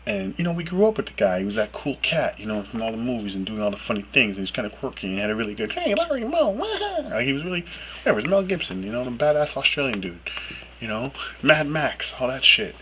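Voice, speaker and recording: A man ranting alone to camera as a video blogger, emphatic and swearing freely, his voice jumping up high when he gets exasperated. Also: lively intonation, quick pace, bright, forceful tone, slight background noise, rough recording. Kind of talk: profane ranting monologue.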